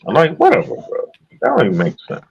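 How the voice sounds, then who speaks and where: A high, husky man ranting in casual commentary. His pitch leaps all over as he fires off profane, incredulous remarks. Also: huge pitch swings, fast, lo-fi sound. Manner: heated, incredulous, swears a lot.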